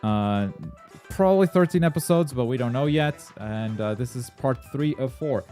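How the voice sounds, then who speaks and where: A man hosts a casual gaming and anime news stream, rambling excitedly with lots of filler words and blunt swearing. His voice is mid-range and unhurried, with faint music in the background.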